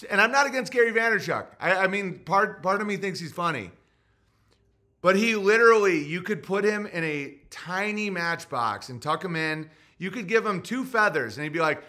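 Male podcast host, high and bright, loose profane riffing. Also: expressive, moderate pace. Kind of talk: comedic stream commentary.

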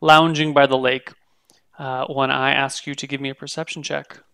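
A man running a tabletop game as game master, chatty and relaxed. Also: mid-range voice, normal speed, vocal fry, clear, resonant tone.

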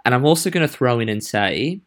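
A man co-hosting a casual chat, playful and quick to laugh. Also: medium pitch, animated, a bit bright. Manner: playful, laughs often, tries out put-on accents badly. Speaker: podcast co-host.

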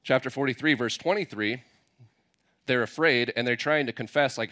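A man preaching a sermon at an ordinary, mid-range pitch. He talks in a relaxed, conversational way, reading passages and then retelling them in casual, playful paraphrase. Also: fairly quick. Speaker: pastor.

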